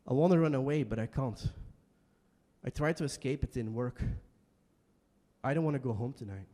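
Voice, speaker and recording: A young man performing an emotional solo stage monologue in a small basement venue, swinging between quiet and shouting. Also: mid-range voice, moderate pace, pauses often, big-room sound. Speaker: stand-up performer.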